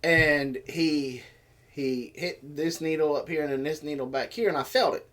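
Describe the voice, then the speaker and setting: A man with a slightly high, fairly bright voice speaks at normal speed while co-hosting a homestead livestream. In casual chat, he tells a story and acts out other people's voices and sounds.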